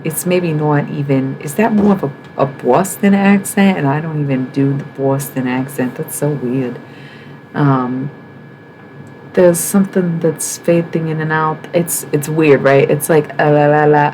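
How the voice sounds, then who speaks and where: Low-voiced frank Midwestern woman streamer. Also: steady tone, a little slow, dark tone, a little hiss or hum, poor audio. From American Midwest. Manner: frank and emphatic, swearing, rhetorical questions. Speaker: livestream host. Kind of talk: casual livestream monologue.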